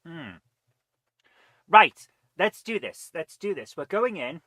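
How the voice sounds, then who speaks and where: A man's voice: on the high side, sing-song, takes it slowly, pushed and bright, no echo. A man chatting casually on a live game stream, rambling, reading viewer comments aloud and eating between remarks. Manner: rambling, reads chat aloud, eats while talking.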